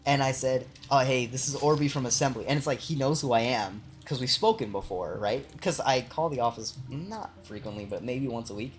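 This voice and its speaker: A woman's voice: a bass voice, animated, a little fast, few pauses, soft background music. A young woman streamer chatting casually while gaming, telling a rambling work story full of swearing and laughter.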